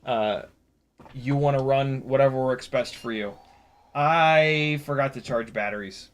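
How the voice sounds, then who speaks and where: A man's voice: mid-range voice, a little slow, clean tone. Man, 40s or older, livestream host, sleep deprived, casual rambling chat, reads comments aloud, candid, lots of fillers. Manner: rambling and candid, with frequent fillers and self-mocking asides. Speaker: FPV drone livestream host.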